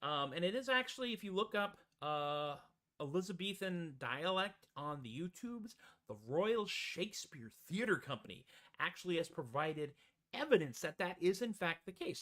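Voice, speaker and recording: A man's voice: fairly high pitch, lively intonation, moderate pace, a bit bright. A man hosting his own show, chatting casually with rambling, self-mocking jokes. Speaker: host and musician. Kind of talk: casual chatty stage patter. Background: ukulele.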